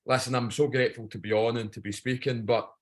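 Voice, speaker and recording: A Scottish man talks over a video call with a blunt, jokey manner and cheerful swearing. He speaks at an ordinary pitch and pace, teasing the people listening as he hypes them up. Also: fairly even intonation, fast talker. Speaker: guest speaker on a training call. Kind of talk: video call pep talk.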